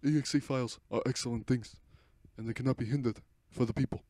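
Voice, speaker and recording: A teen guy doing a flat, gruff old politician. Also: medium pitch, fast, no room sound, voice pushed up, close to an everyday voice. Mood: preachy. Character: gruff older male politician giving a stump speech.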